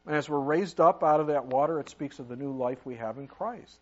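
An older man preaching a sermon as a pastor, reading scripture aloud and swinging between loud emphasis and quiet asides. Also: on the high side, brisk, highs cut off. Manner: preaches with sudden rises and drops in loudness, reads scripture aloud.

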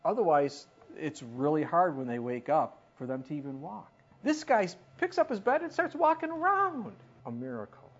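A preacher delivering a sermon, with a voice that climbs and falls across a wide range as the points land. The delivery is animated, full of questions thrown out to the congregation. The recording is dull and lo-fi. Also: medium pitch, normal speed, slightly rough. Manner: animated, asks the listeners questions.

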